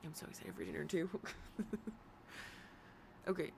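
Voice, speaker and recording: Tired from hours of talking, this woman streamer rambles through casual commentary, interrupting herself with giggles. Her lowish voice is gravelly and darkish, very animated yet measured in pace, with a slight hiss or hum.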